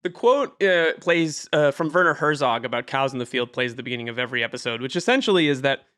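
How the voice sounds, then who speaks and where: A man from Massachusetts co-hosting a podcast in casual chat, joking and rambling with quick asides. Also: medium pitch, lively intonation, a bit bright. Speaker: podcast co-host.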